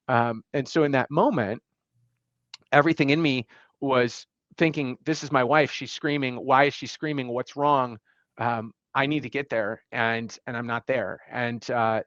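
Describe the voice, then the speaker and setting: A middle-aged man telling a personal story as a podcast guest, halting and emotional, with many fillers and restarts. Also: medium pitch, a bit bright, dry recording, muffled recording.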